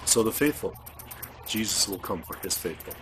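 A man speaking earnestly in a religious vlog monologue, halting and stressing words. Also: fairly low pitch, animated, noisy background. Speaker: video host.

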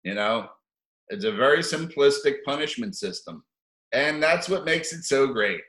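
A man's voice: mid-range voice, lively intonation, moderate pace, a bit bright, roomy sound, low-quality recording. A man giving rambling, profane opinion commentary for his video channel, sardonic and given to chuckling asides.

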